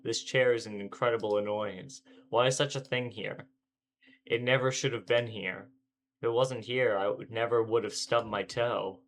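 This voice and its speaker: A man's voice: lowish voice, steady tone, moderate pace, lightly acted. A man voicing an irritable teenage boy protagonist, reading his brooding first-person lines aloud from a visual novel. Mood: annoyed.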